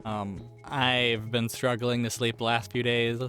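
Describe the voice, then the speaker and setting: Hoarse-voiced man rambling over game music. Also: mid-range voice, flat delivery, unhurried, sharp tone. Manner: rambling, self-deprecating, chatty. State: losing his voice. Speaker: gaming channel host. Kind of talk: casual let's play commentary. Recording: game music playing under voice.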